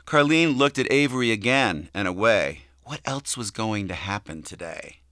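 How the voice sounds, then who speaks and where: Expressive male audiobook narrator. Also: lowish voice, normal speed, no echo, clean studio sound. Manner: expressive, varied delivery. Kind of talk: scripted novel narration.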